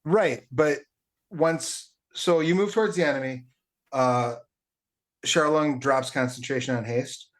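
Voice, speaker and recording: Male game master, mid-pitched, quick to laugh, halting with ums. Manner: laughs often, hesitant fillers. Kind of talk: running a tabletop game.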